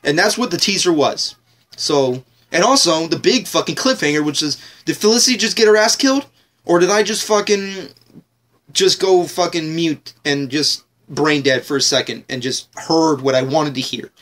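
A man's voice: a little high, normal speed, fairly bright tone. A man ranting casually in a TV episode review vlog, rambling, joking and swearing heavily.

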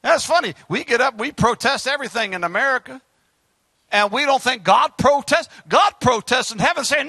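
A male pastor preaching an impassioned sermon, breaking into shouts. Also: extremely high pitch, lively intonation, normal speed, dry recording. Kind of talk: fiery sermon.

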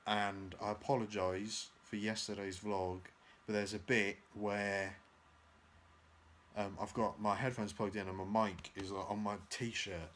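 Holding a handheld camera at arm's length, a young man chats in a laid-back home vlog, moving indoors and outdoors. He rambles, makes fun of himself and uses lots of fillers. His voice is lowish and fairly bright, and a faint hiss or hum is audible.

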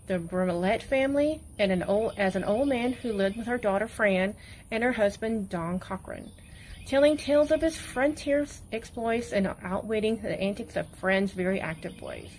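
A woman school media specialist reading a tall tale aloud at a steady pace, with a few stumbles. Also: medium pitch, a little hiss or hum, low-quality recording. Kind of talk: storybook read-aloud.

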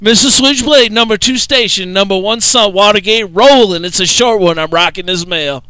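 A man's voice: high voice, normal speed, sharp tone, clean tone, no room sound, low-quality recording. A man relaying CB radio banter, drawling, repeating and laughing at what others say. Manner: drawling Southern trucker talk, laughing, repeating others' words.

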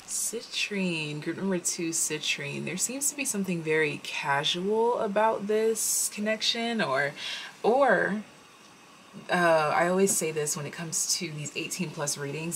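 Low-voiced woman reading tarot, rambling. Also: fairly bright tone, slight background noise, poor audio. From United States. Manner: rambling, thinks aloud with many fillers. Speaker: tarot reader.

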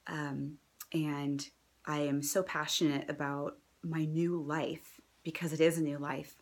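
A thirties-aged woman, a mother, tells her own story in a casual testimonial. Her voice is low and flat, and she speaks unhurriedly, earnest and enthusiastic, with fillers and restarts, sometimes sinking to a whisper.

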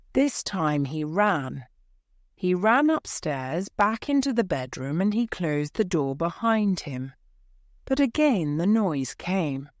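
A woman reads a story aloud in a clear, deliberate way for English learners. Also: on the low side, darkish tone, no room sound, studio quality.

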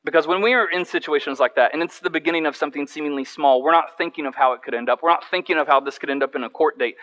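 Standing on a church stage, a male pastor tells a personal story animatedly during his sermon, repeating words whenever he restarts. His voice is a little high, and the audio quality is poor.

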